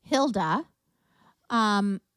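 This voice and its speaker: A woman's voice: medium pitch, drawn-out words, clear, resonant tone, no echo, studio quality. A woman hosting a live music show, telling funny stories in casual chat. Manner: animated storyteller, laughs often. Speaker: livestream music show host.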